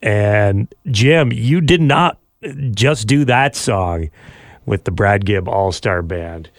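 A man's voice: lowish voice, takes it slowly, no echo, studio quality. A man hosting a radio talk show, chatting casually with upbeat, joking banter. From Canada. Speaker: radio host. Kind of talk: casual chat.

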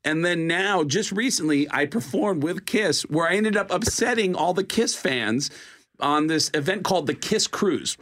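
A male comedian and impressionist telling comic stories in a casual chat, animated and laughing along. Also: high-pitched, normal speed. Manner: animated, slips into voices, laughs while telling.

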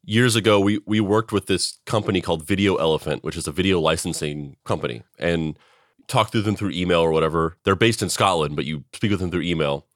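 A man's voice: deep voice, brisk, no room sound, clean studio sound. A man co-hosting a podcast in rambling, profane casual chat. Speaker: podcast co-host.

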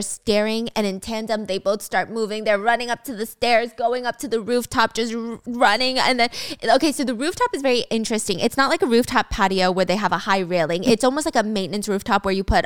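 A woman's voice: a little high, fairly quick, smooth, dry recording. A young woman casually recapping a dramatic story, with wry, chatty asides.

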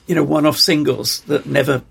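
A man's voice: fairly high pitch, steady tone, fairly quick, creaky, fairly bright tone, slightly rough. A man co-hosting an interview podcast, chatting casually and enthusiastically adding details. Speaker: co-host. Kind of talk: casual chat.

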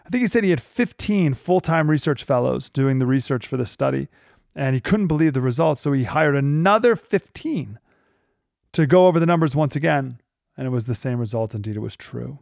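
Gravelly-voiced man teaching Scripture. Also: mid-range voice, expressive, a little mellow, no room sound, clean studio sound. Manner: emphatic, slows down on key phrases. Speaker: radio show host. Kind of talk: Bible teaching talk.

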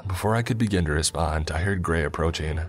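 A man giving a somber, measured scripted horror narration. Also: low-pitched, faint music behind.

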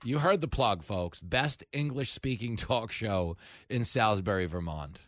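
Male talk radio host, lively swooping pitch, sarcastic, dry studio sound. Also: no echo. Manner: animated, sarcastic, mimics opponents in mocking voices. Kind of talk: opinionated talk radio monologue. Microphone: studio mic.

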